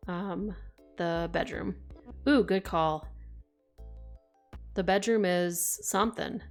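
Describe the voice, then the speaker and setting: A young woman streaming a game live, reading the text aloud and chatting in an expressive, casual way that includes swearing. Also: fairly low pitch, slow, pauses often, soft background music.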